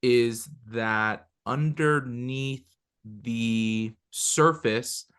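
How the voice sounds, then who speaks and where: A man co-hosting a podcast, talking in an animated, emphatic way with casual swearing. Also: medium pitch, drawn-out words, clear, resonant tone. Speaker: podcast co-host. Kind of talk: conversational talk.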